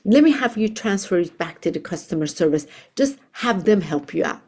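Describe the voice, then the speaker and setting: Brief: woman doing an irritated male phone supervisor, rough and impatient, pitched up and mellow. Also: animated, moderate pace. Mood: frustrated.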